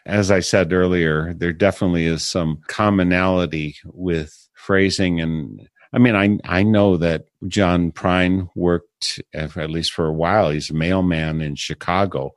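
Brief: man, radio host, very deep voice, dry close sound, measured questions. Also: no echo. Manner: measured, thoughtful, asks probing questions. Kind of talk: broadcast interview.

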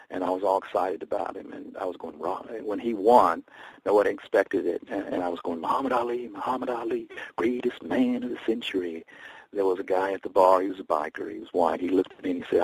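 A man from the American South, a guest on a talk show, telling rambling, animated personal stories. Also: lowish voice, creaky, husky, dry recording, rough recording. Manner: rambling, animated storytelling with laughs. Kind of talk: storytelling in conversation.

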